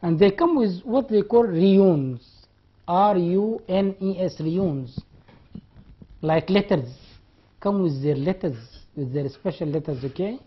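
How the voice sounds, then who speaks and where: A slow, husky, medium-pitched Sudanese lecturer gives a university classroom lecture, spelling out words letter by letter. He repeats key terms and sounds out examples aloud, and the recording is dull and lo-fi.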